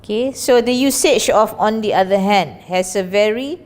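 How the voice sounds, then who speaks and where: A woman teaching an English class, lively and questioning, explaining words and their pronunciation. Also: mid-range voice, normal speed.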